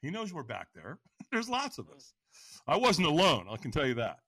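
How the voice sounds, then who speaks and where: Animated storytelling man, lively bright voice. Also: fairly high pitch, moderate pace, breathy edge, dry recording. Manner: acts out quotes in a raised voice, laughs often. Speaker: podcast guest, firewalk instructor.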